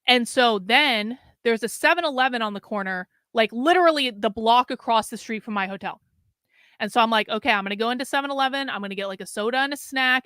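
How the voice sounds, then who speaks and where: Woman, podcast host, higher voice, bright and tense, dry close sound, profane, rambling. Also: clean tone, no room sound. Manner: profane, rambling, heavy use of filler "like"; animated retelling with quoted inner thoughts. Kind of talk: casual storytelling monologue.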